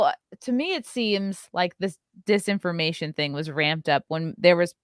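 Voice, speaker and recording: A woman's voice: lowish voice, a bit bright, no room sound, studio quality. A woman hosting a podcast, chatty and laughing often, with blunt swearing and mocking asides. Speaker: podcast host. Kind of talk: casual podcast conversation. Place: New York City.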